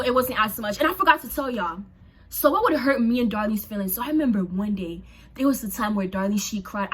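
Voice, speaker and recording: A young woman from a Haitian family, chatty and animated, telling a personal story in a casual vlog. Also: medium pitch, breathy edge. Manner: chatty, animated, lots of "like" and asides to viewers. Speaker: storyteller vlogger.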